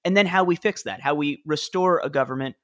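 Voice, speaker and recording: A man's voice: fairly high pitch, fairly quick, a bit bright. A man, telling stories earnestly in a casual interview, often restarting his sentences. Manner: earnest, storytelling, frequent restarts. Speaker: former presidential speechwriter, author.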